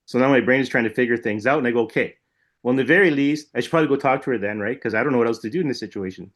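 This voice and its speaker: Male podcast co-host, mid-pitch, chatty and rambling storyteller. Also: rapid-fire. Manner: rambling, animated retelling with frequent "like" and "right?". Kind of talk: casual chat, storytelling.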